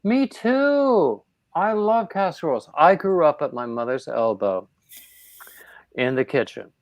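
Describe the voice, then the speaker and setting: A man's voice: a little high, very animated, measured pace, no echo. A man hosting a casual livestream chat, rambling, with lots of fillers and restarts. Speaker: livestream host.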